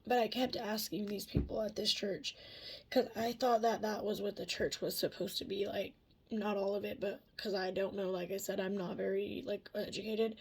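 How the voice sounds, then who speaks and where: A woman's voice: mid-range voice, fairly even intonation, moderate pace, breathy edge. A woman vlogger in a casual confessional talk, candid and rambling, swearing freely and laughing between thoughts.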